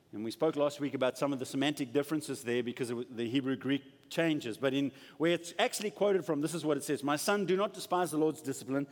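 A man preaching a sermon in a church, acting out quoted voices and dropping to soft asides. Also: on the high side. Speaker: pastor. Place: church sanctuary. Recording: long hall reverb.

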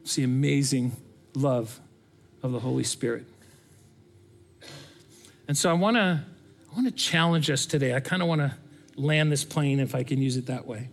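A middle-aged man giving a sermon, earnest and conversational, telling stories from coaching softball. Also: medium pitch, moderate pace, creaky, long pauses. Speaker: pastor.

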